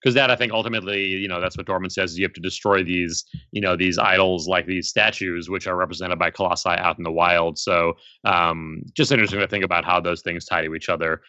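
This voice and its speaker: A man appearing as a guest author on a podcast in casual chat, thinking aloud quickly over a remote call mic. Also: low-pitched, fairly even intonation, sharp tone, no echo, dull audio.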